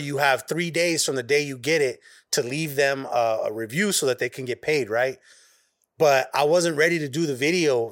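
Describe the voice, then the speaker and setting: A man from Arizona co-hosting a podcast, telling a long profane story with a lot of animation. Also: on the high side. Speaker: podcast co-host. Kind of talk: casual chat.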